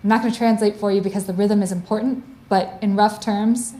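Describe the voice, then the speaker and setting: A woman lecturing in a room with a noticeable echo. Her pitch sits in the middle range. She talks in a clear, explanatory way and pauses to spell out each term for her listeners. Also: fairly even intonation, warm tone. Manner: clear, explanatory, stops to define terms. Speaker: guest lecturer. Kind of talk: academic lecture. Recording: roomy echo.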